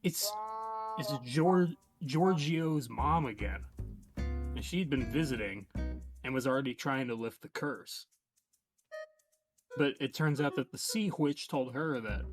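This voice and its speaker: A man streaming live, telling a long rambling comic story in a meandering deadpan way, trailing off and restarting. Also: mid-range voice, slow pace, long pauses, over music.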